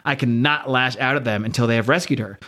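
A man's voice: medium pitch, fast, a bit bright, close to an everyday voice. A man doing a cold, scheming puppeteer villain. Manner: cold, formal, plotting.

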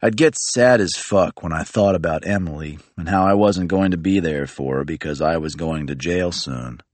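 Deep-voiced male audiobook reader, dry close sound, calm and plain. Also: no room sound. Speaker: audiobook narrator. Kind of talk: first-person audiobook narration.

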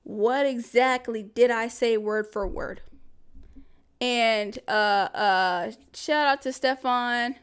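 A woman's voice: a little high, slow pace, clear, resonant tone. A woman hosting a casual solo podcast, talking candidly through life advice with many fillers and asides. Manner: chatty and candid, with frequent fillers and laughs. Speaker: podcast host.

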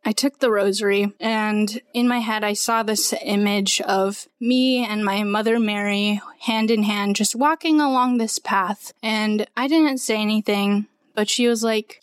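A woman in her twenties, a musician, speaking as an interview guest and telling a personal faith story in an earnest, animated way. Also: mid-range voice, a little slow, few pauses, clear, resonant tone, no room sound. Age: 20s.

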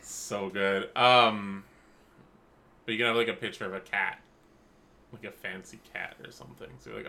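A man in his thirties co-hosting a podcast, teasing and quick to laugh. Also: lowish voice, steady tone, vocal fry, pushed and bright. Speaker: podcast co-host. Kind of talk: casual chat.

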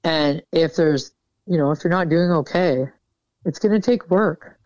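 A woman's voice: sits low, unhurried, darkish tone, no room sound. A woman military veteran talking candidly in an interview, casual and frank, swearing freely. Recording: dull, dry sound.

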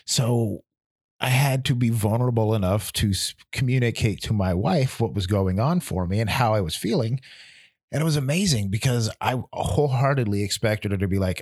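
A man's voice: lowish voice, husky, no echo. Candid man musing in a dry booth. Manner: candid, halting, with frequent restarts and repeated words. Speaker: podcast host. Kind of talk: personal reflective monologue.

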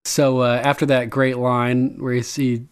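A man's voice: mid-range voice, flat delivery, measured pace, clear, resonant tone. A man co-hosting a podcast, chatting enthusiastically about a TV episode, laughing often and acting out the lines he quotes. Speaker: podcast co-host. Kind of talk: casual chat recapping a TV episode.

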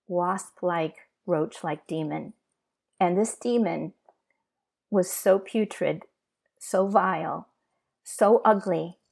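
A woman giving an emotional personal testimony as an interview guest, talking earnestly and halting with restarts. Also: on the low side, creaky.

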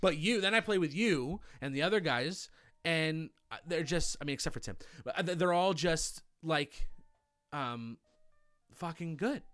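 A man's voice: a little high, lively intonation, measured pace, a bit bright, no echo, clean studio sound. A man co-hosting a podcast in casual chat, self-mocking, swearing freely and repeating words when worked up. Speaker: podcast co-host.

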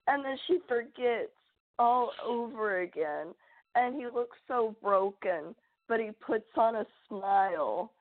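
A woman's voice: mid-range voice, no room sound. A woman co-hosting a podcast, rambling and joking as she retells film scenes. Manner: animated, rambling, jokey. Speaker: podcast co-host. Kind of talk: casual chat. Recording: tinny phone-like line.

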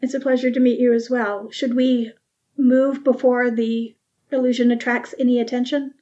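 A woman voicing a gentle young woman from myth in a kind, earnest way. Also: a little high, flat delivery, moderate pace, muffled recording, close to an everyday voice.

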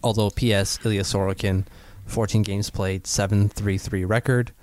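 A man's voice: fairly low pitch, steady tone, normal speed, darkish tone. A man co-hosting a casual sports podcast, rambling and hedging as he talks. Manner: rambling, hedging, lots of fillers and restarts. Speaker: podcast co-host.

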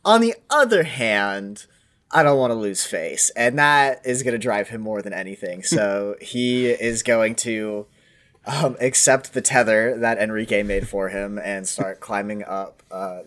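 A man's voice: on the low side, steady tone, a little slow, a bit bright. A man playing a tabletop game, describing his character's actions casually, with many hesitations. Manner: casual, hesitant, thinking aloud. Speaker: player. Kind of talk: tabletop role-play.

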